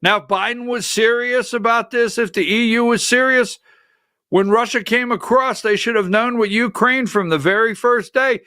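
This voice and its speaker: A man with a very high, bright, forceful voice rants through his political commentary livestream. He swears freely and breaks into angry shouts. His voice sounds close and dry. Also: moderate pace, no room sound. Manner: fiery, profane ranting with shouted outbursts. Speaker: political commentary show host.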